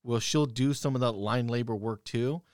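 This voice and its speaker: A man's voice: medium pitch, moderate pace, darkish tone, dry recording, clean studio sound. A young man telling stories bluntly and profanely in casual chat, quoting his own heated retorts.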